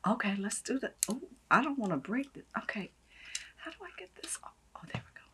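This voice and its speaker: A bright-voiced woman, gushing over each item in a casual unboxing vlog. She swings between hushed, near-whispered asides and loud, delighted exclamations, and her voice sits a little high for a woman. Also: lively intonation, a little fast, husky. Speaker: beauty vlogger.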